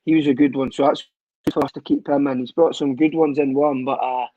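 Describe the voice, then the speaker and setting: A Scottish man, a footballer guest, telling lively, profane stories in a casual podcast chat. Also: mid-range voice, quick pace, lo-fi sound, slight background noise. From Scotland. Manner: lively storyteller, swears, laughs often.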